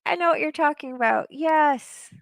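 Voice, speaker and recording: A woman co-host with a fairly high voice runs a casual interview. Her questions ramble in a chatty way. The sound is dry and close, with no room echo. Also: normal speed, gravelly. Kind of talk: casual live-stream interview.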